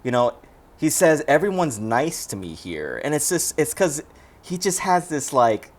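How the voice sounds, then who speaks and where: Gushing, animated movie-show co-host. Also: mid-range voice, measured pace. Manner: gushing, laughs often while retelling scenes. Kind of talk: casual movie recap chat.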